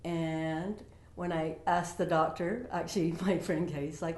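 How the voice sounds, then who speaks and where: A woman's voice: low-pitched, normal speed. A woman at home telling her personal story in a casual, heartfelt and rambling way, full of fillers. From Utah. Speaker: vlogger sharing a personal story. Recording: roomy echo.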